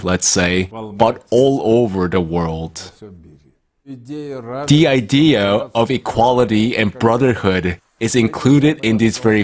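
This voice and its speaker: A man giving a slow, measured formal speech at an online conference. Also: medium pitch. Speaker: conference speaker.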